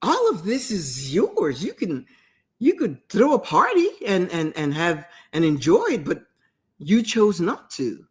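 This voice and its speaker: Woman voicing a patient, gentle father. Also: lowish voice, huge pitch swings, a little slow. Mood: reasoning. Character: patient loving father, older man.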